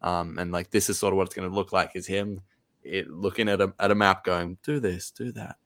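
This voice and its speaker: A man's voice: sits low, flat delivery, a little fast, fairly bright tone. A man co-hosting a podcast in casual chat, rambling and laughing easily. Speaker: podcast co-host.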